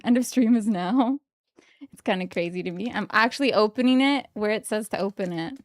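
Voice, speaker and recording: A young woman streaming from home, chatting casually and giggling excitedly as she opens trading cards. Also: mid-range voice, no echo. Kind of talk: casual live-stream chat while opening trading cards.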